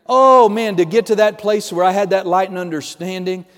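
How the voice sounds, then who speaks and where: A man preaching a sermon, swinging between hushed and loud, in a church hall. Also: high voice, normal speed, clear, resonant tone. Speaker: pastor. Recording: reverberant hall.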